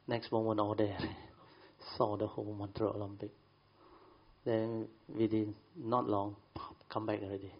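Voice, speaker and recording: A man's voice: fairly low pitch, level tone, a little slow, muffled recording. A man telling a rambling story to a group, with many fillers and colloquial grammar. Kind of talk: casual storytelling.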